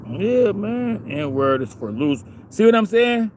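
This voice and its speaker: Ranting man in his forties, fairly high voice. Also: sing-song, a little slow, noisy background. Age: 40s. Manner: ranting, profane, repeats "man" and "bro". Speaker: vlogger. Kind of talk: casual monologue.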